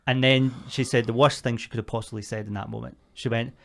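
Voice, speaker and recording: A young man co-hosting a podcast, telling a story in a sweary, animated way with bursts of laughter. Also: medium pitch, fast talker, creaky. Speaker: podcast co-host. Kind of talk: casual storytelling chat.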